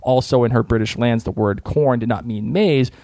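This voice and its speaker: A man's voice: mid-range voice, moderate pace, warm tone, no echo, studio quality. A young man with a Boston accent hosting a casual podcast, joking and reading out listener comments. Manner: jokey, reads listener comments. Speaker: podcast host.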